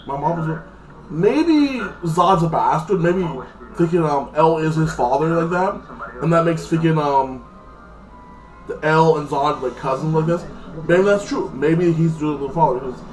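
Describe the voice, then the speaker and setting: A man's voice: fairly high pitch, expressive, measured pace, soft background music. A man casually recapping a TV episode, rambling with lots of fillers and acting out lines in quotes. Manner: rambling, filler-heavy, retells scenes in quotes. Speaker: TV episode reviewer. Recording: echoey room, mic at a distance.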